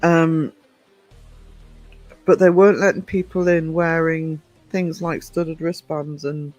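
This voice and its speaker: British man, rambling livestream chat, a touch high-pitched, faint music behind. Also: flat delivery, slow, a little mellow, dry recording, dull audio. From United Kingdom. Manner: chatty, rambling, digressive. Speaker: YouTube channel host.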